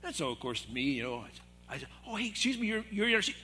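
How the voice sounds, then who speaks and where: A man's voice: high-pitched, fast, breathy edge. A middle-aged man, an assistant pastor, telling a story in a sermon and acting out the voices of the people in it. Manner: animated, acts out quoted voices. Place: church hall.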